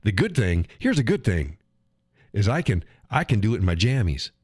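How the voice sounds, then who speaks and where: A middle-aged man with a very low voice talks casually to his live stream audience. He rambles, restarts phrases and chuckles often. The sound is dry and close, with no room echo. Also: big pitch swings, moderate pace, darkish tone, husky. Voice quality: chuckles often while talking. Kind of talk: casual solo chat.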